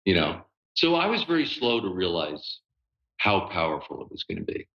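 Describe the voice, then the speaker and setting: Older guy chatting on a podcast, animated, laughs a lot, kinda muffled sound. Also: sits low, normal speed, gravelly. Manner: animated, laughing storyteller with lots of fillers. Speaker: guest voice actor. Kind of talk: casual interview storytelling.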